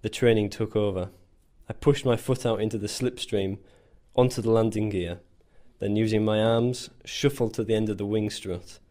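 A man's voice: lowish voice, steady tone, moderate pace, few pauses, mellow. A man narrating a scripted first-person story in a dry, self-mocking way. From England. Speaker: volunteer soldier.

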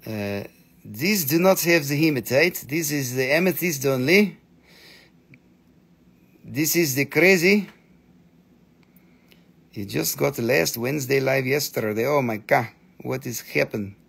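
Gravelly, excitable man selling crystals live. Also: medium pitch, measured pace, pauses often. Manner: chatty, excitable, crude jokes. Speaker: live-stream crystal seller. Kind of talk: casual live sales chat.

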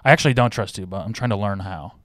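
A man's voice: fairly low pitch, racing, a bit bright, dry recording, clean studio sound. A man co-hosting a podcast, joking around and swearing freely in casual banter. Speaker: podcast co-host.

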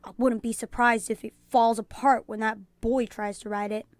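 A woman voicing an earnest, hardworking young boy in a read-aloud storybook, speaking softly. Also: a little high, flat delivery, normal speed, dry recording, close to an everyday voice. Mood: grumbling.

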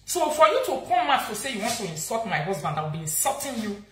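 A woman's voice: fairly high pitch, big pitch swings, quick pace, a bit bright, echoey room, slight background noise. A woman with a Nigerian accent, scolding and insulting someone in a heated live-video rant. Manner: angry, insulting, repetitive scolding. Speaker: social media vlogger.

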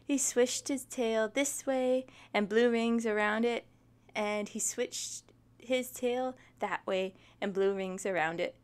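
A woman reading a children's picture book aloud, expressive and adding sympathetic asides. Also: fairly high pitch, slow, clean tone. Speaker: storytime reader.

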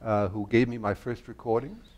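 Speaking at normal speed in a mid-range voice, an older man from the United States, a guest conductor and harpsichordist, spins anecdotes for an audience in a stage conversation. He gets animated, laughs often, and repeatedly restarts his sentences, as if still warming up.

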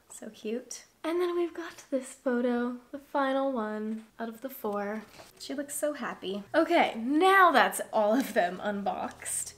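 A young woman vlogging an unboxing, gushing and excitable, with lots of "like" in her talk. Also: a little high, slight background noise. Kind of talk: casual unboxing chat.

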